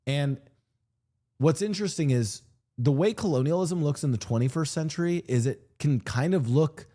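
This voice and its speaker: Animated young-sounding male streamer chatting. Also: a little high, moderate pace. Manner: rambling, animated, full of restarts and mock voices. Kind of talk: casual livestream chat. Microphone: streaming desk mic.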